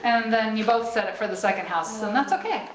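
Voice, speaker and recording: A middle-aged spiritual speaker preaches a live sermon to a small group in a roomy livestream recording with dull audio. Her voice is a little high and a little fast, and she talks conversationally, laughing often and checking in with "right?"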